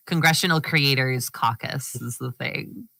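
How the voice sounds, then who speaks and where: A woman's voice: a bass voice, unhurried, gravelly, sharp tone, no room sound. A woman guest on a podcast in casual chat, blunt and teasing with frequent giggles.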